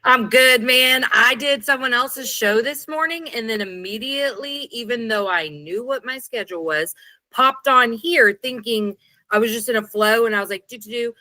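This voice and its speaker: A woman in her forties speaks as a podcast guest with a slightly stuffy, congested voice. She is animated and chatty, rolling from one story to the next. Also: on the high side, moderate pace, no echo. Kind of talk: casual conversation.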